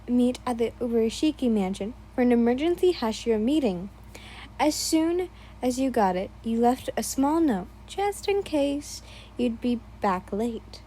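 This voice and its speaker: A woman reading a second-person fan story aloud, tripping over names and breaking off for quick asides. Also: a little high, warm tone, a little hiss or hum, low-quality recording. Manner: stumbles over names, laughs and adds asides. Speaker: fan fiction reader.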